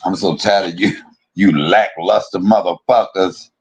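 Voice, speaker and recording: A man's voice: sits low, fairly even intonation, unhurried, darkish tone, breathy edge, highs cut off. A man on his own livestream, delivering a heated, profane and confrontational rant that circles back on itself and repeats points. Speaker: live streamer.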